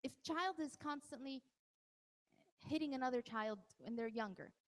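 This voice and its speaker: A woman with a high voice gives a live parenting talk in a large hall. Her words ring out with a long reverb tail. She keeps it conversational and teases audience members by name. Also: normal speed. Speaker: parenting workshop presenter.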